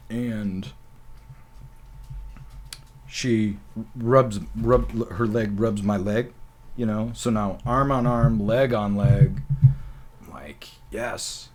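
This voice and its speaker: A man from North Dakota hosting a talk show, telling comic stories in an animated, profane way and acting out quotes. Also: fairly low pitch, extremely slow, pauses often. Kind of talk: comedic storytelling.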